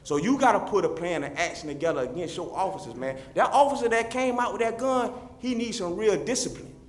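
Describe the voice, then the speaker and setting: A man's voice: high voice, a little fast, slight background noise. A man giving a fervent, repetitive public comment that speaks straight to the officials. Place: city meeting chamber. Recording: roomy echoey chamber.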